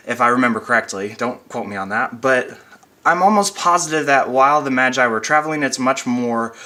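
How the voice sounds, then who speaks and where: Young male pastor, chatty at-home devotional talk, bright voice, middle pitch. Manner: chatty, with fillers and light laughs. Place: at home, wind outside.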